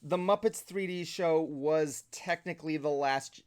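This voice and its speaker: Excitable, cursing male podcast host. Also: on the high side, a little slow, smooth. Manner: excitable, swears freely, lots of filler words. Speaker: talk show host. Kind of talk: casual podcast chat.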